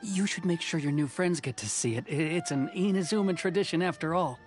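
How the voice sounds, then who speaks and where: An actor playing a calm, easygoing young boatman in a game. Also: a little high, fairly quick, soft background music, close to an everyday voice. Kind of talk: game voice acting.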